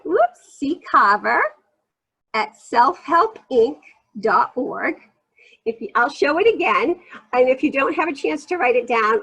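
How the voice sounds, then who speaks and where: Animated woman teaching preschoolers, breathy voice. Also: a little high, rough recording. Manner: animated sing-song teacher voice with gasps of excitement. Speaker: early literacy teacher. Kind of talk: demonstrating games to young children.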